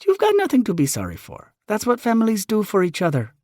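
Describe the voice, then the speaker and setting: A man voicing a gentle, caring middle-aged mother in an audiobook. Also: sits high, huge pitch swings, fast, no room sound, clean studio sound, pitched above the performer's own voice, heavily acted.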